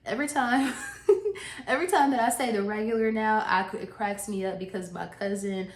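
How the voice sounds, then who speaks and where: A woman's voice: mid-range voice, normal speed. A woman chatting casually as a vlogger, laughing often and restarting her sentences, a little out of breath. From Southern US. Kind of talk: casual chat to camera. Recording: echoey room with faint noise.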